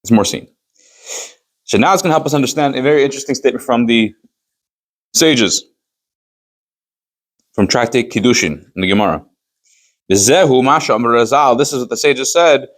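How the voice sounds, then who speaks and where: A man's voice: mid-range voice, expressive, moderate pace, pauses often. A man teaching a text-class, with a mid-range voice. He reads lines aloud, translates them, and explains them with pointed rhetorical questions. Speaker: rabbi teaching a Chassidus class. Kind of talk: Torah study class, reading and translating a text.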